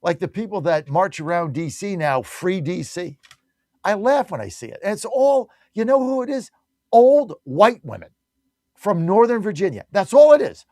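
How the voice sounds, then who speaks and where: A man's voice: high voice, very animated, normal speed, warm tone, no room sound, clean studio sound. A man hosting a talk radio show, delivering an emphatic, combative monologue with lots of repetition.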